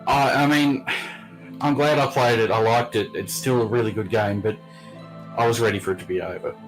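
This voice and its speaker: A man's voice: mid-range voice, a little fast, soft background music, low-quality recording. A man co-hosting a casual game chat, easygoing and thoughtful, often restarting his sentences.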